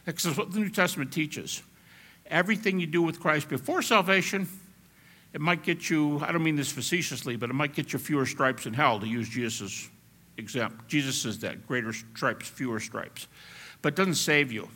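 A man preaching a sermon as pastor, animated and at times shouting as he acts out quotes. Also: a little high, normal speed.

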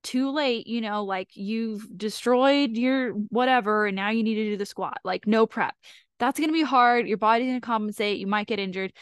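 A woman's voice: a little high, moderate pace, clean tone, no room sound, clean studio sound. A woman hosting a solo podcast, explaining casually and asking herself rhetorical questions. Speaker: podcast host.

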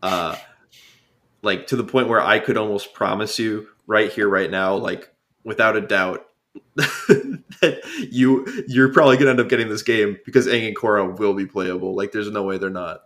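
A man chatting casually on a gaming podcast, halting with restarts and "uh"s. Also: lowish voice, a bit bright. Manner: hesitant, stammers and restarts. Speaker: podcast co-host. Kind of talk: casual chat.

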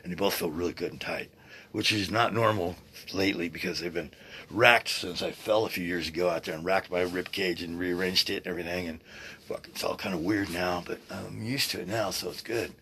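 A man in his sixties hosting a podcast, rambling in a casual, excitable way, swearing freely and often restarting his sentences. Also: sits low, brisk, slight background noise. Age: 60s. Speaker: podcast host. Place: at home, seated.

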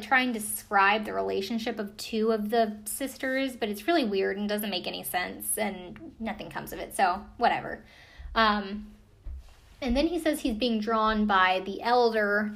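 A woman's voice: medium pitch, vocal fry. A young American woman giving a casual, skeptical recap with a sarcastic edge and lots of fillers. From United States. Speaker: commentator recapping a ghost-hunting show. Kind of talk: casual chat.

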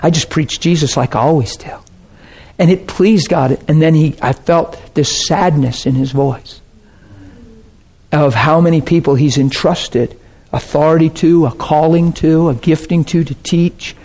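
A man preaching a personal testimony, telling the story with strong feeling and swinging between soft and loud delivery. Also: fairly high pitch, a little slow. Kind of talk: sermon testimony.

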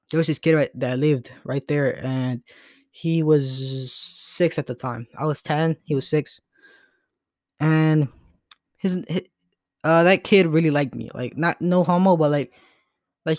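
A man's voice: a little high, darkish tone, no room sound. Earnest young man rambling, dry close sound. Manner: rambling and earnest, with many restarts and fillers. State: emotional, voice breaking at times. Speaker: podcast host. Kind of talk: casual solo podcast monologue.

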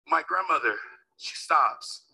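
A man's voice: on the high side, expressive, takes it slowly, vocal fry, husky, rough recording. A man giving a dramatic motivational speech, telling a personal story and acting out the quoted voices. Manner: acts out quoted voices, builds to shouts. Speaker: motivational speaker.

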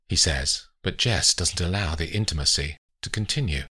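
A man narrating an audiobook with expressive storytelling. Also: very deep voice, normal speed, slightly rough.

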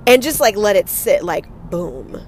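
A woman hosting a solo motivational podcast, talking in an energetic, emphatic and casual way with some swearing. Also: medium pitch, unhurried, a little hiss or hum. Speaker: podcast host.

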